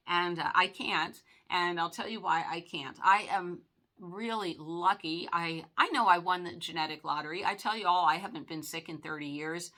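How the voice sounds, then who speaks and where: Chatty woman in her sixties, bright voice. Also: on the low side. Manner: rambling, folksy, many filler words. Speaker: vlog host. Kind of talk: casual chat to viewers.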